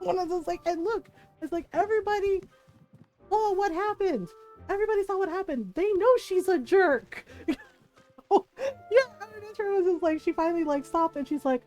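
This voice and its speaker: High-voiced woman streamer telling stories. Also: moderate pace, long pauses, faint music behind, rough recording. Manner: animated, laughs often, acts out quoted voices. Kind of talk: casual storytelling while gaming.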